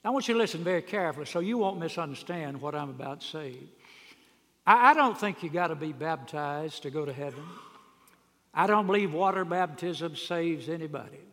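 Man preacher, fairly high voice, folksy sermon with loud emphatic peaks, church hall reverb. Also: animated, fairly quick. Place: church sanctuary. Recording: long reverb of a large hall.

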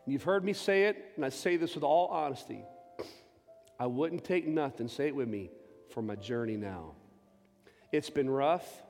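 A man preaching a sermon, telling his story with deep emotion and rising to loud, fervent peaks. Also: animated, moderate pace, pauses often. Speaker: pastor. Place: large church sanctuary. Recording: long church reverb with faint music.

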